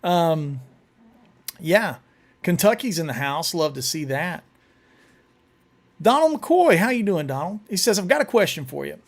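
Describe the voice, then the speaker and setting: A man's voice: a little high, very animated, a little slow, long pauses. A man hosting a casual live stream, chatting loosely and often restarting his words while he demonstrates on guitar. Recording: guitar playing in the background.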